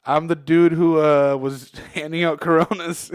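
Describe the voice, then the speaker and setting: A man's voice: on the high side, steady tone, a little slow, smooth. Rambling, profane young man telling a story. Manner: rambling, profane, laughs through his story. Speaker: podcast co-host. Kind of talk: casual storytelling chat.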